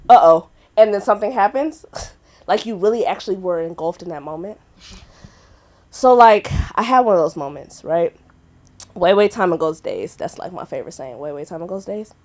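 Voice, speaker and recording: A young woman on a comedy club stage, telling a rambling story with a giggly, animated energy. Her pitch swings high and low as she acts out other people's voices loudly. It sounds like a casual open-mic set. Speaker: stand-up comic at open mic. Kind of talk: stand-up storytelling.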